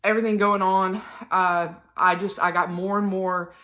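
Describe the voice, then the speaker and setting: Speaking at a moderate pace with little pitch movement, a young woman vlogs from her couch at home, her medium voice fairly bright. She's chatty and emotional, addressing her phone camera directly and saying um a lot.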